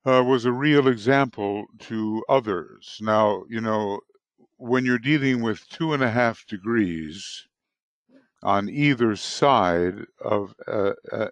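A man giving an unscripted astrology lecture with a hoarse morning voice, explaining in a halting, deliberate way. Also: on the low side, no room sound. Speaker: astrology teacher.

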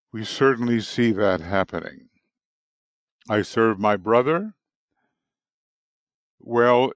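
A man giving an unscripted astrology lecture with a hoarse morning voice, explaining in a halting, deliberate way. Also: fairly low pitch, no room sound. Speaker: astrology teacher.

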